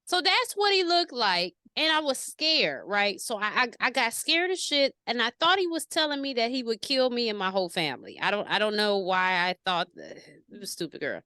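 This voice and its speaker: Bright, lively woman telling stories. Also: on the high side, normal speed, few pauses, no echo, studio quality. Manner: animated, slangy storytelling. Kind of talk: casual conversation.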